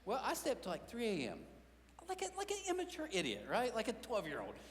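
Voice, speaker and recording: Animated middle-aged pastor in a big hall. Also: male voice, high voice, fast talker. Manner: animated storytelling with voiced quotes and self-mocking humor. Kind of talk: sermon. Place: large church auditorium.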